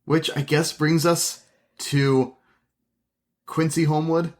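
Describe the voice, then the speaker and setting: A man's voice: fairly high pitch, little pitch movement, slow. Dry-joking man podcast co-host. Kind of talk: casual film review chat.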